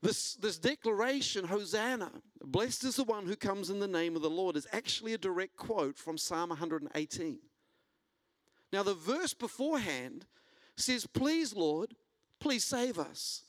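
A man preaching a sermon, telling a personal story and building to an animated delivery. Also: normal speed, no room sound. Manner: storytelling, rising in pitch and intensity when preaching. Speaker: pastor.

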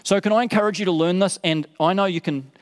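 Male pastor, sermon delivery, earnest and repetitive for emphasis, somewhat high pitch, reverberant hall. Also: quick pace, smooth. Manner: earnest, repeats words for emphasis.

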